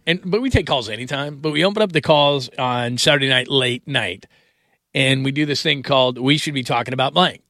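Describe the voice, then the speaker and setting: Bright, forceful late-night sports radio man. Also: medium pitch, dry recording, studio quality. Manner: chatty, rambling, with frequent asides. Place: radio studio. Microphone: studio broadcast mic.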